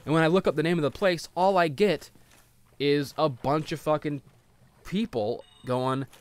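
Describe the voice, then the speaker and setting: A man's voice: a little high, moderate pace, a little hiss or hum. A man ranting in grumbly, profane, casual gameplay commentary.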